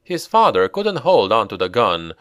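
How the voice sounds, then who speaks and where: A man reading a novel aloud as an audiobook narrator, measured and deliberate. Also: fairly low pitch, huge pitch swings, a bit bright, no echo, clean studio sound. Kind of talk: scripted narration.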